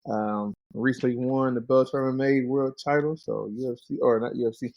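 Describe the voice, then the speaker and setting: A man in his thirties tells hunting stories in a relaxed, casual way. He jumps into higher voices to act out what his friends said. The sound is dull and dry, like a muffled podcast mic in a deadened room. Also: a little fast, dry recording. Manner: animated, acts out quoted friends in a higher voice. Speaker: guest, pro fighter and bow hunter. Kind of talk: casual storytelling.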